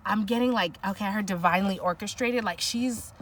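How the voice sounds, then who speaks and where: Recorded on a distant mic with slight background noise, a tarot reader speaks fairly quickly in a medium-pitched, soft voice. Her intuitive reading is thought out loud, full of restarts and word-searching, and sometimes emotional.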